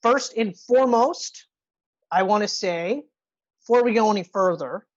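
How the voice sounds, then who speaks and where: A podcast co-host chats casually about a movie, gushing with enthusiasm and swearing freely. Her mid-range voice moves a little slowly, and the recording is dry and lo-fi.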